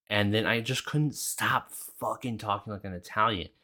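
A man's voice: on the low side, normal speed, few pauses, sharp tone. A young man hosting a podcast, chatting casually and rambling with lots of swearing and fillers. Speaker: podcast host. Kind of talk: casual solo chat.

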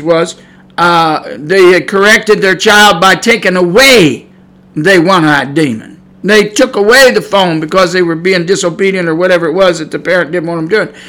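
A middle-aged man preaching a sermon on his podcast, fiery and loud at the warnings, chatty and easygoing in his asides. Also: sits high, rough recording. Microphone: podcast mic.

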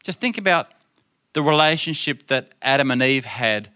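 A middle-aged man preaching to his congregation in a loose, chatty storytelling way. His voice is bright and forward, and he slips into quick impressions of the people in his tale, often laughing along as he goes. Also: medium pitch, lively intonation, clean tone. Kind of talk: storytelling sermon.

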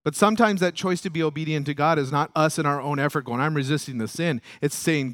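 A male pastor delivers a sermon at a quick pace with hardly any pauses, rising loud and high when stirred, then sinking low and soft. He acts out prayers and quoted voices, and the recording is studio quality with no echo.

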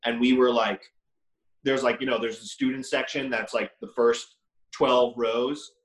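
A man's voice: mid-range voice, fairly even intonation, a little slow. A young man co-hosting a podcast, arguing bluntly in casual chat and swearing freely. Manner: blunt, profane, argumentative. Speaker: podcast co-host. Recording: echoey room.

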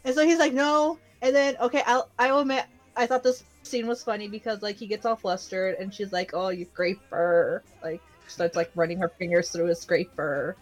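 A woman's voice: medium pitch, brisk, hardly any pauses, faint music behind. Giggly young woman rambling casually. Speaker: podcast co-host recapping an anime. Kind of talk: casual chat.

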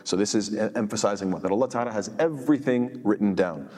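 A man explaining scripture in a lesson, emphatic and quick, often posing rhetorical questions to his listeners. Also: fairly low pitch, darkish tone, long reverb tail. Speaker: Quran teacher.

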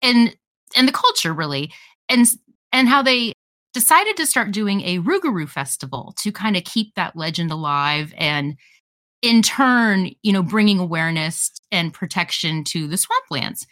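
A woman's voice: medium pitch, animated, normal speed, a bit bright. A woman co-hosting a podcast, recommending documentaries in an enthusiastic, chatty way. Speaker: podcast co-host recommending films. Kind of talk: casual podcast chat.

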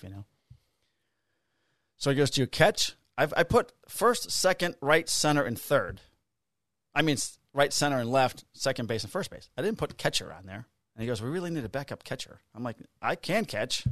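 A man's voice: mid-range voice, no echo, clean studio sound. Profane fifty-something man telling stories. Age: 50s. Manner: profane, animated storyteller acting out dialogue. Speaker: podcast co-host. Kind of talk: casual storytelling chat.

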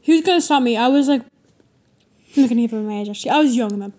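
A woman's voice: fairly high pitch, fast talker, dark tone. A teenage girl, rambling in casual chat with a lot of swearing and fillers. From Ireland. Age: teens. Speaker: co-host.

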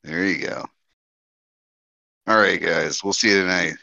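A man's voice: deep voice, measured pace, gravelly, pushed and bright, no room sound. A man playing in a tabletop game, talking in a casual, slangy way. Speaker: player. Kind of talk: in-character tabletop chat. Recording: dull dry lo-fi sound.

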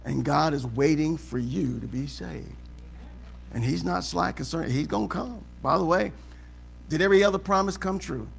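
A man preaching a sermon as pastor in a church auditorium, asking the congregation questions and building to shouts. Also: fairly high pitch, normal speed, vocal fry, slight background noise. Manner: preaching with rising shouts and call-and-response questions. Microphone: live service recording.

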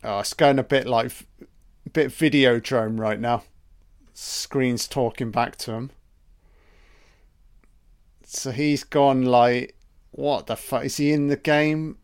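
A man with a smooth, mid-range voice talks slowly and pauses often while giving a first-time running commentary on a film. He's sarcastic throughout, mocking, swearing and dropping deadpan asides.

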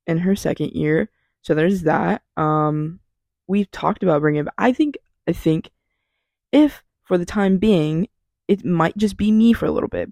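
A woman's voice: fairly low pitch, creaky, mellow, dry recording. A young woman hosting her own podcast alone from her bedroom, chatting in a scattered, self-deprecating way and swearing casually. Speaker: podcast host. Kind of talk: rambling solo podcast chat. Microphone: small mic.

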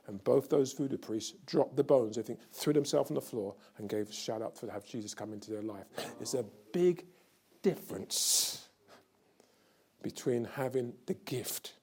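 An older man preaching a sermon, telling a story slowly and then building to loud, fervent preaching. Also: mid-range voice, creaky, slightly rough.

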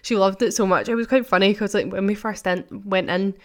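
A woman's voice: medium pitch, fairly even intonation, a little fast. Chatty young woman vlogging. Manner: chatty, rambling storytelling with constant "like" fillers. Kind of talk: casual catch-up vlog.

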